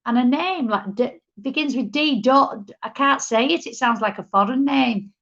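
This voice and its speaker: A woman's voice: high voice, moderate pace, vocal fry, fairly bright tone, dull audio. A woman co-hosting a live psychic show, confidently passing on messages she says come from spirits. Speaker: medium and co-host.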